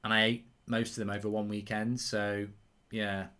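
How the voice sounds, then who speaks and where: A man hosting a live football watchalong, chatting casually and answering viewer questions in a lively way and swearing freely. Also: on the low side, moderate pace. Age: older than 23. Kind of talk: casual chat.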